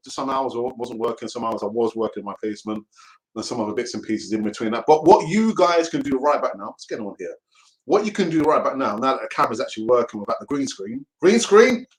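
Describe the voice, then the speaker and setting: A man's voice: medium pitch, low-quality recording. A young man hosting a fan channel's live show, talking in a chatty, jokey, rambling way and often restarting his sentences. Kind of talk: casual live show talk.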